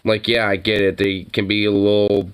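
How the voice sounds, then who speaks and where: A man hosting a casual reaction chat, ranting profanely and jumping into high mocking voices. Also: little pitch movement, normal speed, slight background noise.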